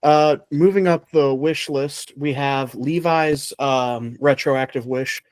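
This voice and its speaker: A man's voice: medium pitch, fairly even intonation, a little mellow, no echo. Playful man hosting a podcast game, dry sound. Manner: playful, laughs often, quick asides. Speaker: game show host.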